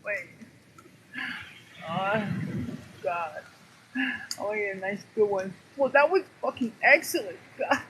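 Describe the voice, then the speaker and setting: Excited live commentary comes from a woman filming a storm on a phone in her hands from an outdoor eighth-floor balcony. Her medium-pitched voice is animated but slow, pausing often, as she gasps, exclaims, and shrieks whenever lightning lands close. The phone mic picks up loud rain noise.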